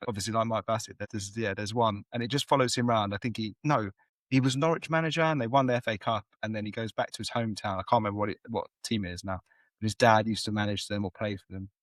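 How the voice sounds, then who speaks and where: A man's voice: fairly low pitch, fairly even intonation, fast, dry recording. Brief: male co-host, rambling storyteller, laughs a lot, dry close sound. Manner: laughs often, rambling storyteller who acts out quotes. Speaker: podcast co-host. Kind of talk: casual chat, retelling comedy scenes.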